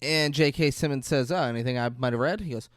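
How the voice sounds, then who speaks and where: A man's voice: mid-range voice, fast, dry recording, studio quality. A man co-hosting a podcast, bantering casually with jokes and swearing while recapping a movie. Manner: joking, swearing, lively banter. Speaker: podcast co-host. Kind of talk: casual movie review chat.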